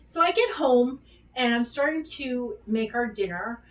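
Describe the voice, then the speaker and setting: A woman, a dog groomer, telling a personal story in a casual, animated, exclamatory way and swearing freely. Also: on the high side, unhurried, far from the mic.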